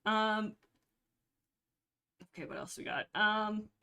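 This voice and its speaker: A woman's voice: medium pitch, fairly even intonation, slow pace, pushed and bright, clear, resonant tone. A young woman hosting a livestream, chatting casually about books she loves and acting out lines with playful over-the-top drama. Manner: chatty, giggly, acts out dialogue with exaggerated drama. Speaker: livestream host discussing a book series. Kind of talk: casual rambling book chat.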